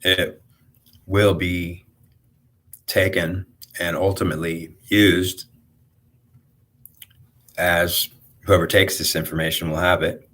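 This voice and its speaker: A man talks through a spiritual monologue in a low, husky voice. He rambles, stopping and restarting his sentences and repeating himself as he goes. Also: little pitch movement, slow pace, long pauses, a bit bright.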